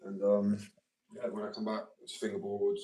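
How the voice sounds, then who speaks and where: Deep-voiced man rambling off-mic. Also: normal speed. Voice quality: naturally deep voice, mumbly when relaxed. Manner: rambling, swears casually, loops back on his point. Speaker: fingerboard streamer. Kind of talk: casual live-stream chat. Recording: built-in mic, a little distant.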